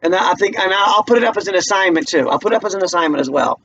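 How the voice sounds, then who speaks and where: A male English teacher giving a relaxed, chatty recorded lesson from home, checking in with his students as he goes. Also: high voice, rapid-fire, gravelly, muffled recording, slight background noise. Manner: relaxed and chatty, asks the class questions.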